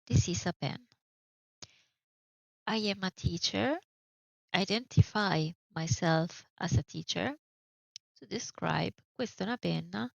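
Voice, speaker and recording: A woman teaching grammar in an online lesson, explaining slowly and carefully with examples. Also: on the low side, gravelly, no room sound. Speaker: Italian teacher. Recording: dull, dry lo-fi audio.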